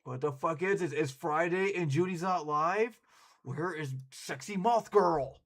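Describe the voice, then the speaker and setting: A man streaming and chatting casually with his viewers, excitable and quick to laugh and swear. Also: on the high side. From United States.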